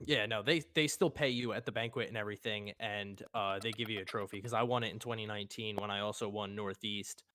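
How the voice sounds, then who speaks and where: A man in casual podcast chat, speaking quickly and stumbling over restarts. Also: on the low side, fairly even intonation, sharp tone, a little hiss or hum. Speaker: racing podcast participant.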